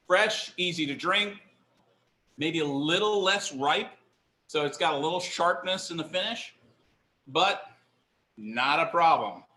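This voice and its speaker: This middle-aged man guides a live online wine tasting from a kitchen counter indoors, enthusiastic, chatty and self-deprecating. His fairly high voice sounds pushed and bright, and the room is echoey.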